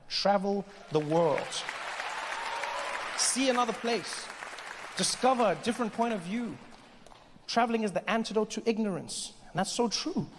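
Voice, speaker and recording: A man performing a stand-up comedy routine in an animated way, acting out characters in shifting voices before a live audience. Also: high voice, background noise. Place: large theater with live audience. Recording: live hall recording with audience.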